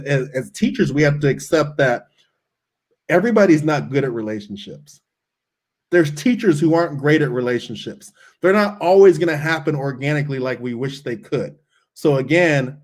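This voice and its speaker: Earnest man, slightly higher voice. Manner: earnest, repeats words when starting a thought. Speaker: school principal. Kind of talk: podcast interview, conversational.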